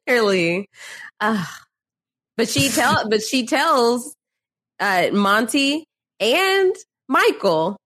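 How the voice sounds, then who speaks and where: A woman's voice: fairly high pitch, very animated, slow, long pauses, fairly bright tone. A woman co-hosting a podcast, chatting casually with frequent laughter and exasperated remarks. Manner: laughs often, exasperated commentary. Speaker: podcast co-host. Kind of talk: casual recap chat.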